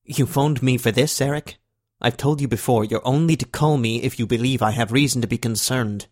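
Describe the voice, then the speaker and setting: Man voicing an excitable, impatient president. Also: medium pitch, brisk, close to an everyday voice. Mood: curt. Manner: eager, pressing questions.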